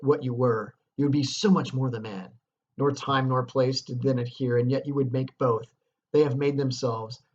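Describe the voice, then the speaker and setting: A scornful noblewoman hurls taunts in a rising, declaiming voice, as a male teacher reads her part aloud. The tone is husky and breathy, and it comes through a slightly muffled, lo-fi recording. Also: medium pitch, natural voice. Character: scheming noblewoman, fierce and mocking.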